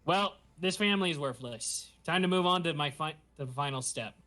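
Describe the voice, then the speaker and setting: A man's voice: on the high side, lively intonation, brisk, bright, forceful tone. A man voicing a smug adult con artist, scheming and exasperated.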